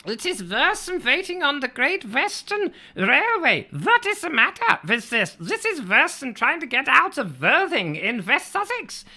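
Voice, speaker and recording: A man voicing a pompous, blustering old German tank commander, high and indignant. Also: huge pitch swings, unhurried, few pauses, pushed and bright, exaggerated voice.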